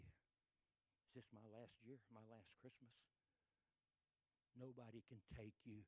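A male preacher, telling stories in a sermon and swinging from hushed tones to excited shouting. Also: medium pitch, no room sound. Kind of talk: sermon storytelling.

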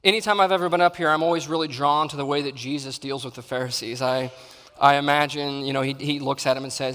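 Male preacher, animated sermon delivery, slightly high voice, church hall echo. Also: normal speed. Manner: animated, acts out Bible scenes, swings loud to soft. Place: church sanctuary. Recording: long reverb in a large hall.

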